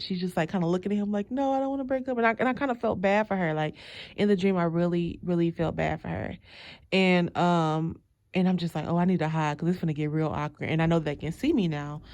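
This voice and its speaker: Storytelling woman, lowish voice, lively, acts out her lines, dry close mic. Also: no echo. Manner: animated, acts out her own lines, laughs often. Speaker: host telling a dream. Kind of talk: casual storytelling.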